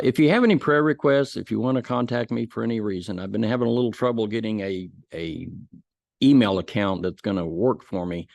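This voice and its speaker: Folksy male Bible teacher, mid-pitched voice, dry close sound. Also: vocal fry, dry recording. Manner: folksy storytelling with restarts. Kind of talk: casual Bible lesson.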